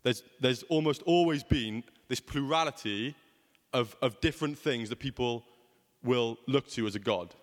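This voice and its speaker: A man's voice: medium pitch, moderate pace, big-room sound. A young man preaching a sermon in a conversational way, often asking rhetorical questions.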